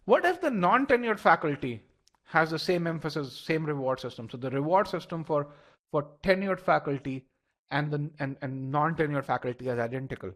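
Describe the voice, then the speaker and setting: A man with a fairly high voice runs a live online prep class. He talks his students through reasoning step by step, often repeating a word while he thinks. He keeps asking the audience to send in their answers. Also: animated, normal speed, a bit bright. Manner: explanatory, repeats words and restarts, polls the audience. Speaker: test-prep instructor.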